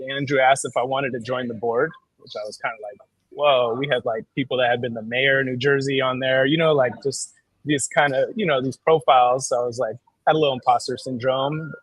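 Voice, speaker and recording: A man's voice: mid-range voice, steady tone, fast, fairly bright tone, no room sound, low-quality recording. A man serving as vice chair of a nonprofit board, telling his story in a laid-back, slangy way. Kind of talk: casual interview answer.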